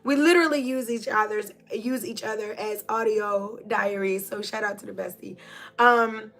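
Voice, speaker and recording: A woman's voice: mid-range voice, fairly even intonation, normal speed, a bit bright. A middle-aged woman hosting a podcast, talking through ideas in a reflective, conversational way with many fillers and restarts. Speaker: podcast host. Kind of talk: casual spiritual monologue.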